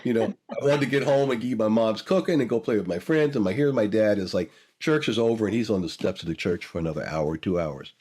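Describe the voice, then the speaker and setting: Low-voiced older man telling a heartfelt story. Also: quick pace, hardly any pauses, darkish tone, breathy edge. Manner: reflective, emotional, repeats phrases for emphasis. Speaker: guest.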